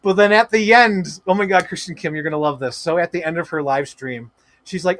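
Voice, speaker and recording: A man hosting a livestream, talking in excited, rambling casual chat full of swearing and filler words. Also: fairly high pitch, normal speed, dry recording. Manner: gushing, profane, rambling with many "like" fillers. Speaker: livestream host.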